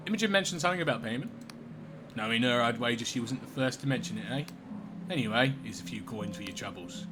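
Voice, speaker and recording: Low, quiet, sly fixer with a lively lilt, read by a man. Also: quick pace, over music, natural voice. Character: sly smiling male fixer, curt and menacing.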